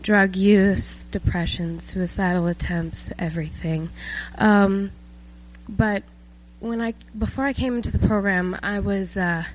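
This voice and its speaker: A woman's voice: mid-range voice, steady tone, a little slow, low-quality recording. 19 yo woman from south georgia telling her testimony in church, emotional and earnest, lots of ums, faint hum behind. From South Georgia, USA. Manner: earnest, emotional, many fillers. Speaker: testimony speaker at a church service. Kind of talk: personal testimony.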